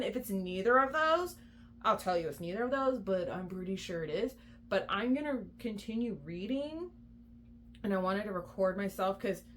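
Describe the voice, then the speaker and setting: A woman's voice: a little high, slight background noise. A young adult woman, a mom and book vlogger, chatting casually with lots of likes and ums. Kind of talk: casual vlog chat.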